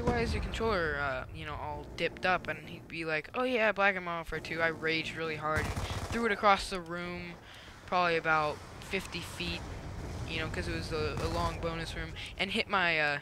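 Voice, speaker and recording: A young man giving a casual gameplay commentary, telling a rambling, animated story with lots of "um" and "like". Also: on the high side, noisy background.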